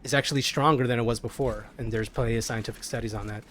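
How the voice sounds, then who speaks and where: A young man, streaming a video game in an animated, jokey way. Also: mid-range voice. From American South. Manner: animated, jokey, quick exclamations. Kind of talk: casual gaming commentary.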